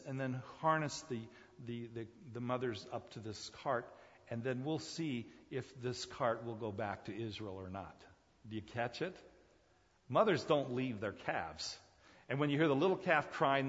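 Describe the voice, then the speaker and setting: A man preaching a sermon with big swings in volume, dropping to a near murmur and then rising to loud, high-pitched exclamations. His voice rings with a long hall reverb, and the sound is a little muffled. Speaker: pastor.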